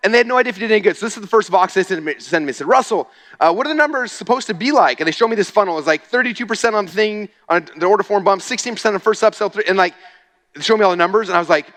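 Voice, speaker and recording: Man, fast energetic stage talk, high-pitched, long hall reverb. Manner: energetic, casual, says "okay?" often. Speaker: speaker at a marketing event. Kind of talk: live stage presentation.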